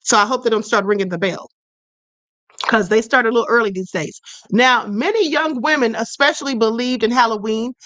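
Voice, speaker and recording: A woman's voice: fairly high pitch, fairly quick, fairly bright tone, dry recording. A woman hosting a spirituality live stream, explaining at a conversational pace, reading viewer comments aloud and often checking in with "okay".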